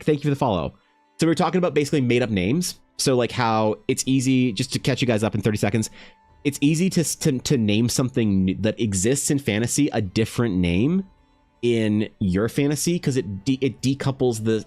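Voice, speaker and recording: A man's voice: mid-range voice, darkish tone. A man streaming his art and chatting casually, rambling with many restarts and filler words and greeting viewers directly. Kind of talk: casual live-stream monologue.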